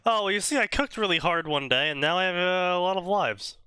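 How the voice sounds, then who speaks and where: A man co-hosts a comedy stream, reading fan fiction aloud and laughing as he mocks it. His voice is bright and smooth, and he talks at an unhurried pace. The sound is dry and close. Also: high voice, dry recording. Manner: animated, laughs often, mocking. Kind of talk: casual comedic commentary.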